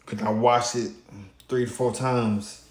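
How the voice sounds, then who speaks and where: A man commenting on a post at a deliberately slow, unhurried pace, stretching his words and stopping often between phrases. His voice sits at an ordinary pitch for a man. The sound bounces around a roomy, echoey space. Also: little pitch movement. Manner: slow, drawn-out, pausing often. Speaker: channel host. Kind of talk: reaction commentary.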